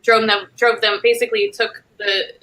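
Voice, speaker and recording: A woman's voice: mid-range voice, little pitch movement, normal speed, sharp tone, rough recording. A woman moderating a casual panel conversation, thinking aloud with loose phrasing and frequent fillers.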